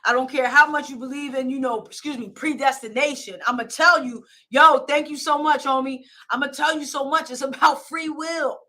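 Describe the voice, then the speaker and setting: Barely pausing, a woman delivers a blunt motivational pep talk at normal speed in a high-pitched, sharp voice with fairly even intonation. As a life coach and show host streaming live on a phone or camera, she repeats her points emphatically and demands more from her audience.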